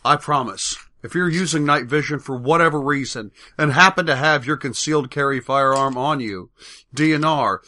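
Podcast guy with a bright voice making his point, kinda wry. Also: medium pitch, moderate pace. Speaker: podcast co-host. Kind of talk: casual commentary.

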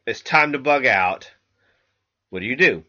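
A man hosts a podcast in a loose, profane monologue, full of fillers and restarts. His voice is bright and sharp, at a middling pitch. The sound is dull and lo-fi, recorded on a laptop microphone. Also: animated, a little slow. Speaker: podcast host. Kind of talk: casual rambling monologue.

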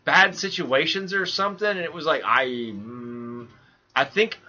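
A man's voice: a little high, slow pace, dull audio. A man hosting a podcast in casual chat, rambling and restarting as he tells stories. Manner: rambling, stumbling restarts, animated storytelling. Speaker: podcast host.

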